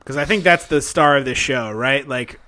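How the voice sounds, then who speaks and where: A man's voice: mid-range voice, normal speed, sharp tone. Chatty male podcast co-host. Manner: chatty, enthusiastic, many fillers and restarts. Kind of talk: casual chat, film review.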